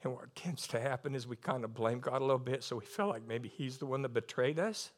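A man's voice: medium pitch, fairly quick. A middle-aged male preacher delivering a passionate, emotional sermon, often tearful and laughing between lines.

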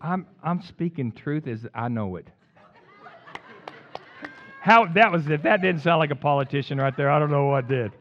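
A man delivering a sermon with a lively, swinging delivery, rising into bursts of emphasis and drifting into jokey asides. His voice sits a bit high for a man. The recording is dull and lo-fi. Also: normal speed, pauses often, a little hiss or hum. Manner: fired up, rambling, jokey asides. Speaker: preacher.

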